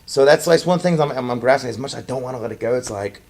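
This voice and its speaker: A man's voice: mid-range voice, rapid-fire, a little mellow. A man with a light Southern accent, raised in Georgia, talking earnestly as a guest in a casual interview and often restarting his sentences. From raised in Georgia, United States. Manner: earnest, rambling, with many restarts.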